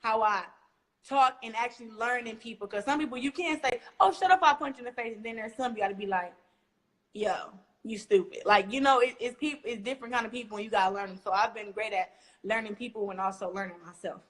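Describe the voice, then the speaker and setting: Lively young woman from Flint. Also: a little high, fast talker. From Flint, Michigan, USA. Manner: animated storytelling, acting out quotes. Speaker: guest boxer. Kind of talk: casual interview talk.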